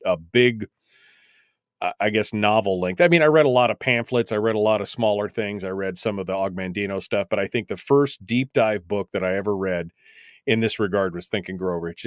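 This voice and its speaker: Casual low-voiced radio host. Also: male voice, no room sound, studio quality. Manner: casual, halting, with many fillers and restarts. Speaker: radio talk show host. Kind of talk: radio talk show conversation.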